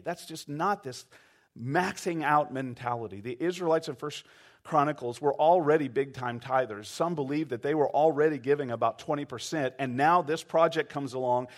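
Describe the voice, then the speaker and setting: A man's voice: fairly high pitch, moderate pace. A man preaching a sermon, acting out quoted voices and asking the congregation to respond. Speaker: pastor.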